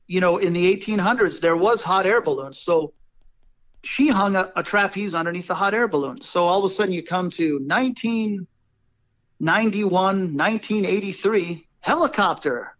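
A man with a high, light voice tells stories from his life in a circus act, chatty and animated. He slips into quick quoted voices as he goes. Faint music plays underneath. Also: dull audio. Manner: animated anecdotes, quoting people in quick voices. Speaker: circus performer, owner of the act. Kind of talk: casual storytelling.

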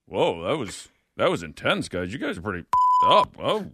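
A bemused bear shuffles off in a low, weary drawl, as a man puts it on for a comedy bit. The voice sounds dry and close. It stays mock-tired and unimpressed. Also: huge pitch swings, normal speed, bright, forceful tone, breathy edge, no echo, full character voice. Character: bemused male bear leaving a scene.

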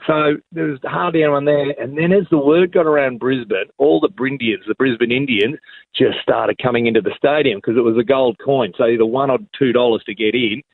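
A man's voice: medium pitch, brisk, no echo. An Australian man calling in to a radio show, telling cricket stories in a joking, blokey way. His voice comes through a narrow, tinny phone line. The sound is dry, with no room around it. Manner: blokey, joking, enthusiastic storytelling. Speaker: cricket commentator guest. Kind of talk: casual radio chat.

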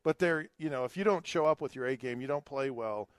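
A man's voice: mid-range voice, fairly quick, smooth, dry recording. A man co-hosting sports talk radio, easygoing, with dry humor. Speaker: radio co-host.

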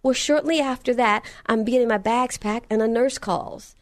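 Middle-aged woman, earnest personal testimony, fairly high voice, dry close sound. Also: moderate pace, no room sound. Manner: earnest, emphatic, repeats phrases for effect. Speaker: storyteller.

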